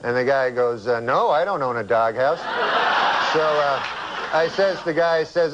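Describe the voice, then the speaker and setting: Man, deadpan comic storyteller, halting delivery, slightly high voice, dull lo-fi sound. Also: very noisy. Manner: deadpan, halting with many uhs. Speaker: comedian guest. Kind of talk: deadpan rambling anecdote.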